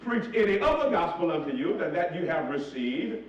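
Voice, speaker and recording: A man's voice: fairly high pitch, very animated, normal speed, highs cut off. A man preaching a sermon and drawing call-and-response answers from his congregation. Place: church sanctuary with a congregation. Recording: echoey church recorded from a distance.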